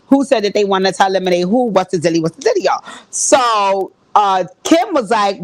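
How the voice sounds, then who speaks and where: A woman recapping a reality show in casual, profane, animated chat, talking straight to her viewers. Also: medium pitch, normal speed, no room sound.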